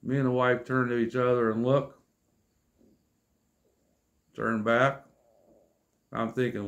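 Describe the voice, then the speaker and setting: A man in his fifties telling funny stories about his friends in a casual, exasperated, deadpan way, with wry asides. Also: mid-range voice, slow, long pauses. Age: 50s. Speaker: storyteller vlogger. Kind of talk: casual comic storytelling.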